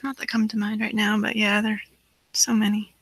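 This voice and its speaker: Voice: mid-range voice, completely flat delivery, brisk, fairly bright tone, dry recording, low-quality recording. A co-host on a live prank call show, chatting casually and giving short, dry replies.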